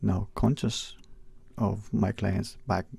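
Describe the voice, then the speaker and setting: Gravelly, husky man hosting. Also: fairly low pitch, little pitch movement, takes it slowly, warm tone, dry recording. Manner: musing, roundabout questions. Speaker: radio talk show host. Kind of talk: casual radio interview.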